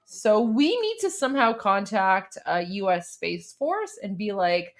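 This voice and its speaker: A woman from Iran co-hosting a casual live stream, talking in an excitable, exclamatory way. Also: medium pitch, a little slow, hardly any pauses. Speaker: co-host.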